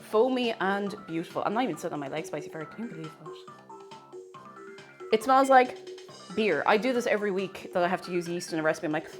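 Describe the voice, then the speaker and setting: A woman's voice: fairly low pitch, expressive, fast talker, faint music behind. A woman streaming herself baking, chatting casually and greeting viewers by name. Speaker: baking livestreamer. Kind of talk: casual chat while baking.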